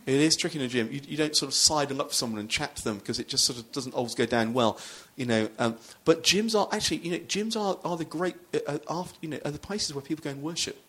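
A man's voice: fairly high pitch, fast talker, hardly any pauses, pushed and bright, husky. A man, a pastor, preaching a sermon in a loose, conversational storytelling way with frequent restarts.

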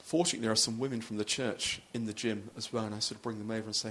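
A man's voice: on the low side, fairly even intonation, very fast, a bit bright, slight background noise. Conversational male pastor preaching. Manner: conversational storytelling with many restarts. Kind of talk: sermon.

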